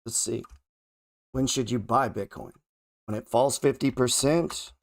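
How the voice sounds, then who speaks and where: A man's voice: medium pitch, fairly even intonation, measured pace. Sarcastic, swearing man talking charts. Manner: sarcastic and profane, thinking aloud. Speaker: trading show host. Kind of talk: casual market commentary while scrolling charts.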